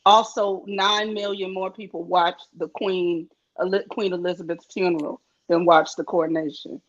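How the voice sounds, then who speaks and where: A woman co-hosting a casual chat, animated and quick with laughing asides. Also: on the low side. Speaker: podcast co-host. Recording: dull lo-fi stream audio.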